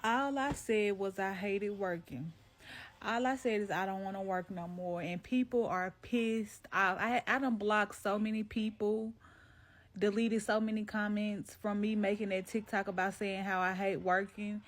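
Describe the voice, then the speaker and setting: A woman's voice: medium pitch, unhurried. A woman fires off a heated rant straight to camera, sassy and mocking. Her voice sits in a middle register, and she talks in a casual, fired-up way.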